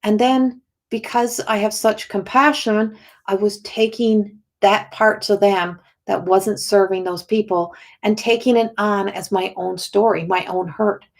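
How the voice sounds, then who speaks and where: Middle-aged woman healer rambling on a live stream, earnest, keeps restarting her sentences, average pitch. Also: steady tone, a little slow, few pauses. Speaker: spiritual healer and teacher. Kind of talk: casual livestream talk.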